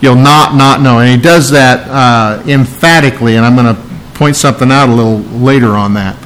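A man's voice: medium pitch, a little fast, a bit bright, poor audio. A man preaching an expository sermon, explaining scripture verse by verse in an emphatic way. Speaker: pastor.

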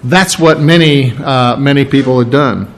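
A man's voice: mid-range voice, unhurried, low-quality recording. A man preaching an expository sermon, earnest and emphatic, often repeating key phrases and restarting his sentences. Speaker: pastor.

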